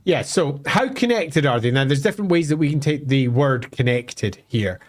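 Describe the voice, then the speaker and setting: A man's voice: medium pitch, lively intonation, normal speed. A man co-hosting a live lore stream, explaining at length with fillers and restarts. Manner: explanatory, thinks aloud with fillers. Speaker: co-host.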